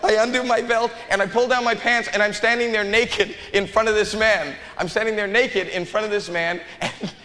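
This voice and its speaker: A man's voice: high voice, steady tone, moderate pace, hardly any pauses, sharp tone, big-room sound, a little hiss or hum. A man doing stand-up comedy on a stage, telling a long story with stammered repeats and chuckles. An audience laughs behind him. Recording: live club with crowd.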